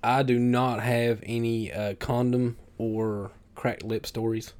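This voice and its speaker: A man's voice: mid-range voice, little pitch movement, slow pace, darkish tone. Wry, self-mocking man in casual banter. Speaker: podcast co-host. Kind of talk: casual chat.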